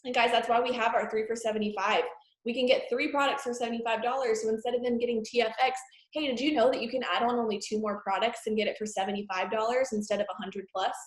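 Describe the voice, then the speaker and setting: Hype-y woman leading a team call, highish voice, roomy echo. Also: fairly even intonation, fast talker. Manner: effusive, cheerleading, emphatic. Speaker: team leader hosting the call.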